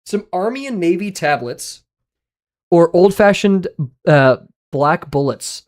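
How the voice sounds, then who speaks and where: A streamer chatting casually and excitedly with viewers, laughing often and swearing freely while reacting to chat. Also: medium pitch, measured pace.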